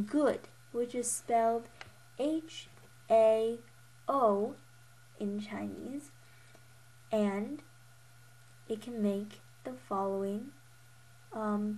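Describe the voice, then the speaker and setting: A young woman with a fairly high, slightly mellow voice teaches a beginner Mandarin lesson. She patiently models each tone with repeats and corrects herself with a little laugh, a bit giggly as she goes.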